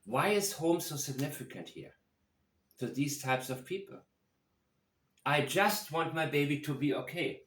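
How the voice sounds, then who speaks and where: Slow-talking guy breaking down true crime clips, analytical, kinda echoey room. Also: fairly high pitch, fairly bright tone. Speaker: commentator. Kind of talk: true-crime video commentary. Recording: roomy echo.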